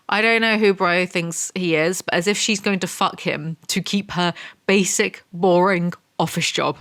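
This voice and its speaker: A woman's voice: fairly low pitch, steady tone, moderate pace, fairly bright tone. A woman giving a comedic book review, sarcastic and exasperated, with rambling asides.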